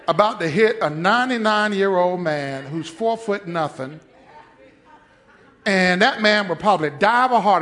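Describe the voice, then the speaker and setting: A man's voice: high voice, fairly bright tone. A male pastor preaching, telling a story with lots of animation, acting out the voices and laughing often. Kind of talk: sermon.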